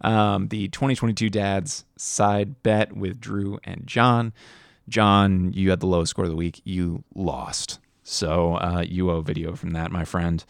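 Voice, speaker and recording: A man's voice: sits low, steady tone, unhurried, vocal fry, no room sound, clean studio sound. A tired young man rambling through casual fantasy football podcast commentary as the league's host, often restarting his sentences. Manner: rambling, self-correcting, yawning and tired.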